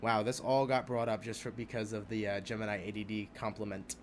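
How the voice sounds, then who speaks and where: A young man hosting a podcast, talking alone in a rambling, profane, animated way about spirituality, laughing often. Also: lowish voice, brisk, slight background noise. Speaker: podcast host. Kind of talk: casual spiritual podcast monologue.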